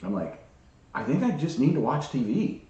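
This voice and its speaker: A man's voice: medium pitch, big pitch swings, mellow, highs cut off. Joking podcast man in an echoey room. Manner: joking, quick quips. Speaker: podcast co-host. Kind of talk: casual chat.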